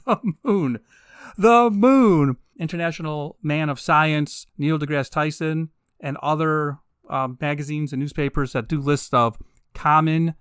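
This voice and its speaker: A man hosting a podcast in a casual monologue, wry and sarcastic with laughing asides, building to emphatic, drawn-out peaks. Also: on the high side, a bit bright, clean tone, no room sound, clean studio sound. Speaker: podcast host.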